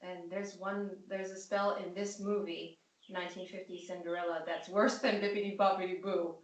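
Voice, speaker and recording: A woman's voice: on the low side, flat delivery, normal speed. A woman co-hosting a casual discussion, telling stories in an earnest way. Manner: earnest storytelling. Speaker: co-host. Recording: roomy, distant mic.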